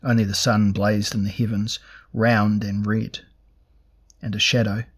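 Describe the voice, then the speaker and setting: A man narrating a fantasy novel in a measured, even storytelling manner. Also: on the low side. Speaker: audiobook narrator.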